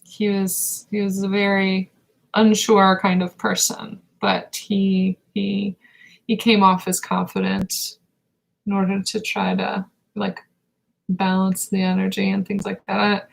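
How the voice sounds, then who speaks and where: A woman giving a live spiritual reading, speaking slowly and meditatively, halting often with pauses and fillers. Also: medium pitch, completely flat delivery, vocal fry, low-quality recording. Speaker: intuitive reader.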